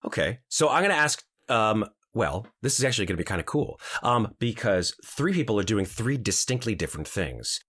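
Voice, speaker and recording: Male dungeon master, lively bright narration of a tabletop game. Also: on the low side, fairly quick, few pauses, husky.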